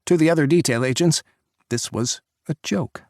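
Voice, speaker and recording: A man's voice: a little high, normal speed, darkish tone, dry recording. Man narrating an audiobook, dry and close. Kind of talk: scripted narration.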